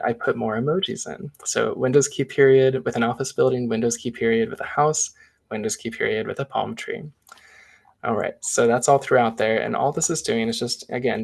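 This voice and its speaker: Gravelly man walking through a software demo. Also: mid-range voice. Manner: casual step-by-step walkthrough, chatty asides. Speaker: presenter.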